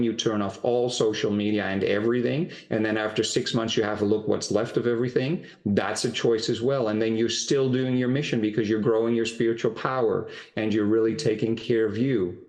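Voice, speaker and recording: A man's voice: on the low side, fairly even intonation, darkish tone. A man giving a private spiritual coaching session in an encouraging, flowing way, stretching out his key words. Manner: encouraging, flowing, drawn-out emphasis. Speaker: spiritual teacher.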